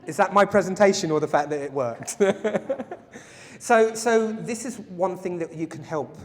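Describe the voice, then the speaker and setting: A man's voice: high-pitched, unhurried. A man teaching a self-defense workshop, playful and jokey, often asking the audience questions. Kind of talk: live workshop lecture to a group. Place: large hall with an audience. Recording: echoey hall.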